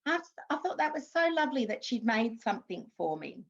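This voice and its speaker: Australian woman, fifties, chatty storyteller, slightly high voice, dull lo-fi sound. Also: big pitch swings, a little fast, gravelly, husky. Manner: chatty, warm anecdotes with laughs and restarts. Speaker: guest, former TV actress. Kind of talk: casual interview storytelling.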